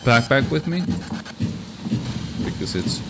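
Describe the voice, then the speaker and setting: A man's voice: medium pitch, very animated, slow pace, heavy background noise. A man giving casual, joking commentary while playing a survival horror game and talking back at the characters on screen. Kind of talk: casual let's-play commentary.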